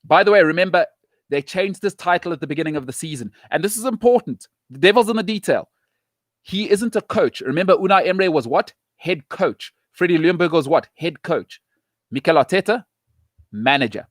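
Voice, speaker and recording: A middle-aged man hosts his show with firm, repeated punchlines and a forceful, opinionated manner. His voice sits a little high for a man. The sound is dry and close, with no room around it. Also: animated, dry recording. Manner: emphatic, punchy repetitions, fast opinions. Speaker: show host. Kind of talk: opinionated football talk show.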